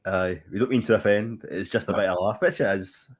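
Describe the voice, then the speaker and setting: A man co-hosting a film podcast in loose, casual chat. His voice sits on the low side, and he talks in a rambling, easily amused way, often going off on tangents. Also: fairly even intonation, a little fast. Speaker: podcast co-host.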